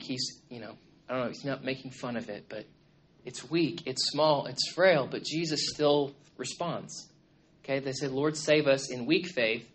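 A man's voice: on the high side, fairly bright tone. A man preaching a sermon to a congregation in a room. He speaks conversationally, often checks in with "okay?" and "right?", and repeats words and restarts his phrases. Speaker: pastor.

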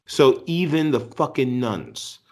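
A man in casual conversation, talking in a rambling, halting, profane way. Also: medium pitch, very animated. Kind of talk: casual chat.

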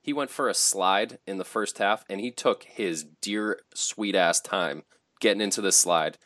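A low-voiced man trades opinions on a casual sports podcast, animated and salty, breaking into laughs. His voice sits close and dry, with no room around it. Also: unhurried, no echo. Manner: animated, profane, laughs often. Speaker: podcast co-host.

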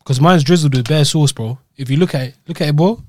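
A man's voice: a little high, quick pace, darkish tone, no room sound, studio quality. Joking young man, banter. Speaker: podcast co-host. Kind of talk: casual chat.

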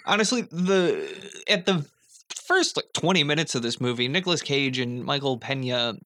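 A woman's voice: extremely low pitch, expressive, moderate pace, fairly bright tone. A woman hosting a casual podcast chat about movies, laughing often and swearing casually. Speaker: podcast host.

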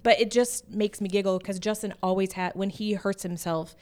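A woman's voice: mid-range voice, fairly even intonation, normal speed, darkish tone. A woman in her forties telling a family story in casual chat, giggling as she goes.

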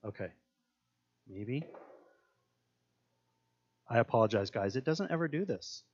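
A man's voice: medium pitch, lively intonation, measured pace, a little mellow, breathy edge, highs cut off. A man leading a casual devotional Bible teaching, chatty and earnest with lots of fillers.

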